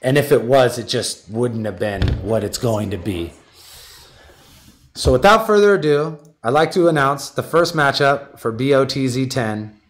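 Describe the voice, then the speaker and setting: A man hosting a battle rap league stream, high, talking in a profane, animated rant and making a matchup announcement. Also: measured pace. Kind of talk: live-stream talk and announcement.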